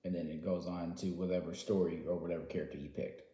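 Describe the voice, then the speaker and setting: A man casually recapping a game story, excitable and slangy, jumping from loud outbursts to quiet asides. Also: deep voice, fast talker. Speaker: gaming vlogger. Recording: roomy echo.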